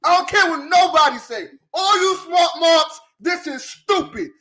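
A man co-hosting a wrestling talk show, ranting and shouting in exasperation. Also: very high voice, animated, measured pace, very noisy. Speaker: podcast co-host.

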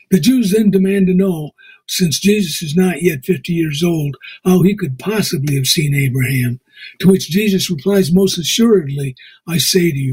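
A man with an American accent hosting a radio show, reading scripture and preaching in a measured, emphatic way. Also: on the high side, slightly rough, rough recording. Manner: measured, emphatic preaching with slow drawn-out stresses. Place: radio studio.

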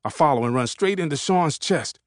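A man's voice: a little high, animated, fairly quick, dry recording, clean studio sound. A man narrating an audiobook in the first person, in a laid-back, casual street vernacular.

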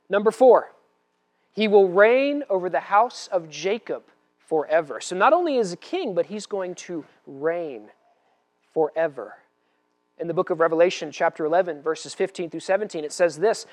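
Male pastor, animated sermon delivery, big loud peaks and soft asides, some humor. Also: fairly high pitch. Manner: animated preaching, swinging from loud declarations to quiet asides, with humor.

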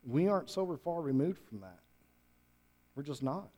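High-voiced preaching man. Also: expressive, moderate pace. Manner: dynamic, rising to loud emphatic preaching. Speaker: pastor. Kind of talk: sermon. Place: church room with congregation.

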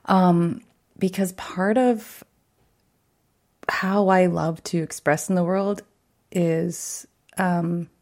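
A woman's voice: fairly low pitch, a little mellow. A middle-aged woman coach hosting her podcast in a casual monologue, bubbly and chatty, laughing often between thoughts. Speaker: podcast host and wellness coach.

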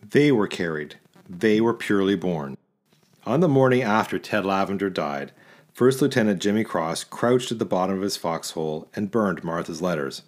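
A man narrating a literary short story in a measured, rhythmic reading. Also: fairly low pitch, darkish tone. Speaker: audiobook narrator.

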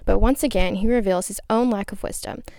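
A woman reading aloud as a calm, wise old male headmaster, speaking placidly and with measure. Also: medium pitch, brisk, no echo, lightly acted.

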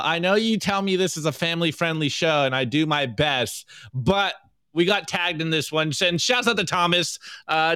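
A man co-hosting a casual podcast, reviewing memes with animated, jokey delivery and frequent laughs. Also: fairly high pitch, clean tone, no echo, clean studio sound. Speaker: co-host.

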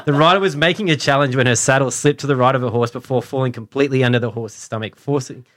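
A man's voice: mid-range voice, fast talker, fairly bright tone. An Australian man co-hosting a casual sports chat, laughing often as he reads out a story. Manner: laughs often while reading out a news story. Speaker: podcast co-host.

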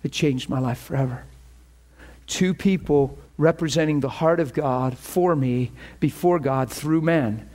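A man's voice: fairly high pitch, unhurried, darkish tone. A man preaching a teaching sermon and telling his own testimony, earnest and emphatic, often repeating words as he builds a point.

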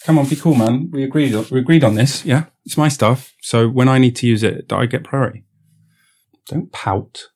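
A man's voice: medium pitch, moderate pace, a little mellow. A man hosting a podcast in a comedy sketch, talking in an exasperated, sarcastic, rambling way with stammered restarts.

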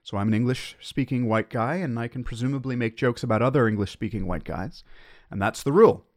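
American male podcast host, mid-pitched voice, reflective solo monologue, musing and wry. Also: fairly quick, darkish tone. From United States. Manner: musing, self-questioning, wry.

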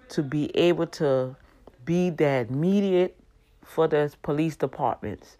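A woman in her fifties with an animated, exclamatory, preachy manner, talking casually about her faith to her viewers. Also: sits low, measured pace. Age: 50s. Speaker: faith vlogger.

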